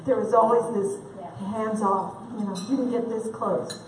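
A woman's voice: a little high, fairly even intonation, normal speed. A woman conference speaker giving a humorous faith talk, candid and self-deprecating, laughing often, heard from a distant mic in a large event hall.

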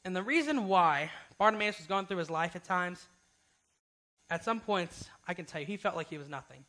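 A man's voice: high voice, expressive, moderate pace, bright, forceful tone, low-quality recording. A young man giving a casual youth sermon, informal and often asking "right?". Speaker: youth speaker.

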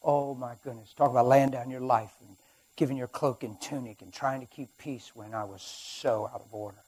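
Man, middle-aged, preacher, husky voice, dramatic sermon storytelling, quiet to loud. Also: mid-range voice, steady tone, moderate pace. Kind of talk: sermon testimony.

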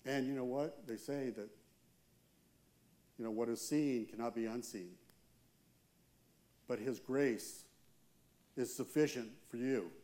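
A man's voice: medium pitch, warm tone. Earnest man preaching a sermon. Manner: earnest preaching with slow emphatic pauses. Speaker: church elder.

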